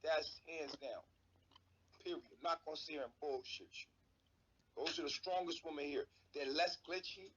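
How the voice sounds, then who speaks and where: A man's voice: on the high side, normal speed, fairly bright tone, muffled recording, slight background noise. A man on a live stream talking bluntly and emphatically, swearing often. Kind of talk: casual live-stream talk.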